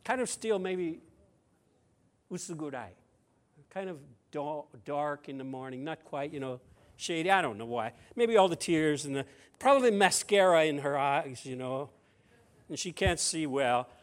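A preacher with a strikingly high voice retells a scripture story in a sermon, keeping it chatty and conversational with playful, funny asides. Animated yet a little slow, he shifts between loud emphasis and soft near-whispers.

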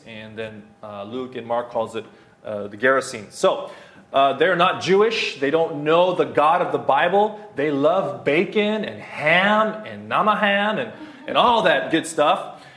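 A man's voice: mid-range voice, expressive, unhurried, fairly bright tone. A man in his thirties preaching a verse-by-verse sermon, talking emphatically, repeating key phrases and dropping in plenty of fillers. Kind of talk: expository sermon. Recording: roomy hall echo.

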